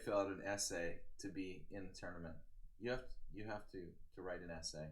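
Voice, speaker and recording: Low-voiced joking male chess streamer. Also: steady tone, brisk. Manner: joking banter with chat. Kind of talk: casual live-stream commentary.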